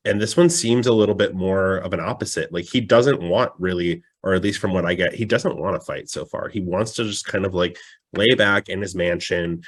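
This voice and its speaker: A man co-hosting a podcast, chatting casually in a loud, animated, jokey way. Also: low voice. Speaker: podcast co-host. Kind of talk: casual chat.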